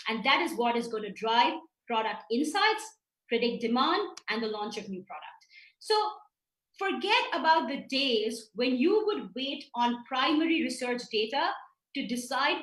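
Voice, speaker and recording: Woman presenter, high voice, echoey room, explains in lists, restarts often. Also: fairly bright tone. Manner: explanatory, builds points in lists with frequent restarts. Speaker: company founder presenting in a webinar. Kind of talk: webinar presentation over slides.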